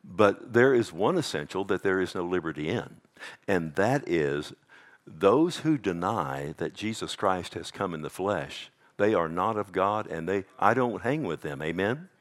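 A male pastor delivering a sermon, swinging between loud emphatic bursts and hushed intensity and calling out to the congregation. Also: sits low, lively intonation, a little slow. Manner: calls out "Amen?" to the congregation.

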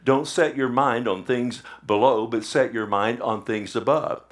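A man's voice: medium pitch, a little slow. A male pastor preaching a Sunday sermon in a church service, often asking his congregation "amen?". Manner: preaching with frequent "amen?" call-outs.

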